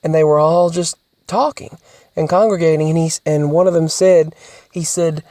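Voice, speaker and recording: In clean studio sound with no room noise, a vlogger with a steady, mid-range voice delivers a casual monologue like a podcast. They hesitate, restart and repeat words often, now and then dropping into quiet, almost whispered asides.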